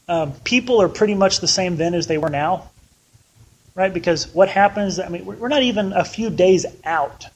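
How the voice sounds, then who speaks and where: A man's voice: high-pitched, breathy edge, poor audio. A man teaching a casual Bible study, chatty and conversational, often acting out the people he quotes.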